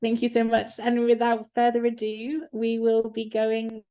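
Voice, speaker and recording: A woman co-hosting an online event on a video call, reading out chat comments warmly and emotionally. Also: a little high, flat delivery, unhurried, clean tone. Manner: emotional, laughing, tearful. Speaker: co-host.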